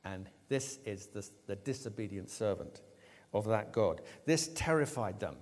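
A man preaching a sermon, retelling a story with lively, acted-out voices for the characters. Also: fairly low pitch, a little slow. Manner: animated storytelling, acting out quoted lines. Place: church. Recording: long church reverb.

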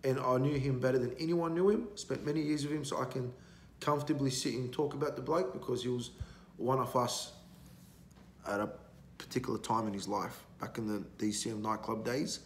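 A man's voice: medium pitch, fairly even intonation, brisk. A man, a podcast guest telling stories in a blunt, rambling, heavily profane way. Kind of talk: casual storytelling. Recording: roomy echo, faint background noise.

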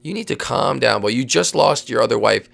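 Gravelly lady gamer yelling orders at her crew, super up and down voice. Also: extremely low pitch, fairly quick. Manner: excitable, bossy, swings into shouts. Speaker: host. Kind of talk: video game role-play.

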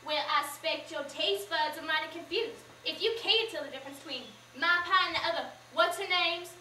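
A woman's voice: very high voice, brisk, heavily acted. A girl doing a proud, pushy mother baker. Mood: insistent. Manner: insistent and emphatic, rising loud. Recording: echoey room, from far off, faint noise.

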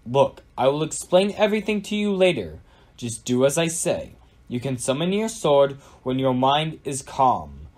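A man's voice: mid-range voice, very animated, normal speed, darkish tone, lightly acted. A man voicing a wise wizard mentor who gives solemn, commanding instruction. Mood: stern. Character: ancient wise wizard mentor, stern and calm.

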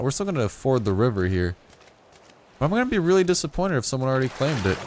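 A young man with a slightly high voice talks at a quick pace while commentating his gameplay for YouTube. He's jokey and loose, rambling off on asides and erupting into excited outbursts.

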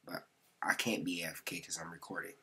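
A man's voice: low voice, steady tone, fairly quick, sharp tone, slightly rough. A man narrating his gameplay casually, slangy and chatty, often muttering or whispering to himself. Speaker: gaming video creator.

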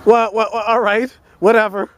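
A woman's voice: a little high, flat delivery, moderate pace, background noise. A woman vlogging outdoors on a handheld camera in casual chat, stammering and repeating words, groaning and laughing at herself as she strains at exercise equipment. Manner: self-mocking, groaning and calling for help while straining.

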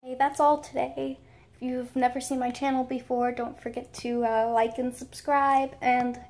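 A young woman chats through a casual storytime vlog, rambling on in a fairly high voice. Her tone stays flat and even, with a gravelly fry running under her words. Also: normal speed, a little hiss or hum. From United States. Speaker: vlogger.

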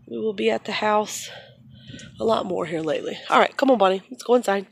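A woman's voice: mid-range voice, brisk, vocal fry, a little hiss or hum. A tired woman vlogging casually at home on her phone, rambling and chatty, with frequent laughs. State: tired from little sleep. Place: at home and in the backyard. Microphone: phone camera.

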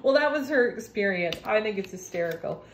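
A woman's voice: mid-range voice, animated, a little hiss or hum. A woman reading tarot cards in a casual, gushing way, laughing often. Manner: slow, warm-hearted, laughs often, gushing about the cards. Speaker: tarot reader. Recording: echoey room.

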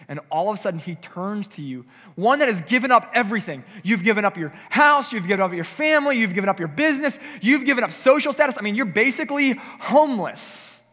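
A pastor's high, pushed, bright voice fills a large hall as he delivers a conversational sermon in a church sanctuary, voicing the things people might say.

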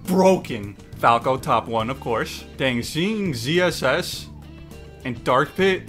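A young man reacting to memes in casual commentary, excitable and mock-exasperated, swearing and laughing often. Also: medium pitch, slow. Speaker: YouTube meme reactor. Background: faint background music.

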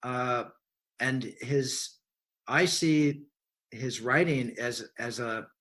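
A man's voice: medium pitch, drawn-out words, fairly bright tone. A man, a science writer, answering interview questions in a thoughtful, rambling way with frequent restarts.

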